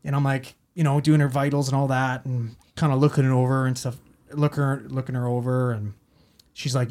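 Man, paramedic, casual storytelling, heavy swearing, rambling, average pitch. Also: little pitch movement, a little fast, darkish tone.

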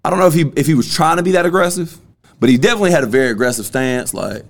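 A man's voice: on the high side, expressive, rapid-fire, creaky. A man, hosting a casual podcast and telling a story bluntly. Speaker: podcast host.

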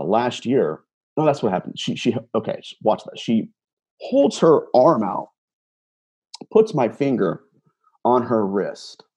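Here a man describing himself as an empath tells a personal story, going through a conversation line by line in an earnest, casual manner full of repeated words and restarts. The voice is fairly low, a little mellow and husky.

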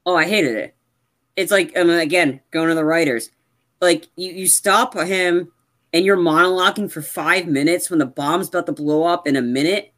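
A podcast co-host reviewing a movie in casual chat, ranting in an animated way and filling the talk with "like". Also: mid-range voice, moderate pace. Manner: animated ranting with frequent "like" fillers.

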